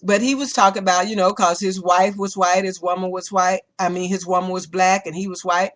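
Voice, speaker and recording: A woman hosting a podcast in casual opinion-show style, talking bluntly and profanely and telling animated stories. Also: on the low side, brisk. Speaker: podcast host. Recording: podcast recording.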